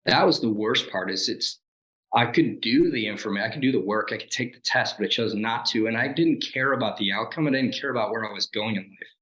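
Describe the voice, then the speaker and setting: Talking fairly quickly in a fairly low voice, this man in his forties, a former Navy SEAL, recounts his life as an interview guest. The audio is poor and the room echoey; he animatedly performs quoted lines and pokes fun at himself.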